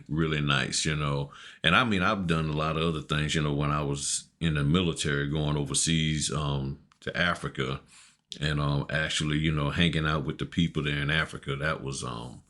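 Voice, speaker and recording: A man's voice: very deep voice, fairly bright tone. A middle-aged man, a podcast co-host, telling stories in a laid-back, slangy way and laughing often. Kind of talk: casual storytelling chat.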